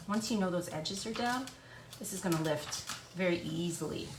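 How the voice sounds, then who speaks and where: A woman's voice: lowish voice, moderate pace. A middle-aged woman from Canada with an English Canadian accent, giving a chatty live craft tutorial and talking through each step as she works. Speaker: furniture painting demonstrator. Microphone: camera on a stand. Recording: echoey room with background noise.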